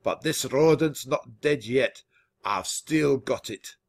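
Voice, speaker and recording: A man voicing a bossy, boastful old male mouse who founded a newspaper, talking loud and blustering. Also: mid-range voice, slow, gravelly. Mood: smug. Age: older.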